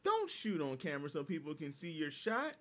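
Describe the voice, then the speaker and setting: A man's voice: a little high, huge pitch swings, a little fast, background noise. A man chatting casually as a co-host, teasing his friend, laughing often and cutting in. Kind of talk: casual chat.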